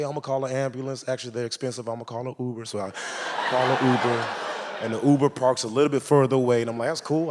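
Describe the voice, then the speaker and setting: This young man's stand-up set at a live venue, audience present, is full of animated storytelling as he impersonates the people he describes. He speaks at a medium pitch.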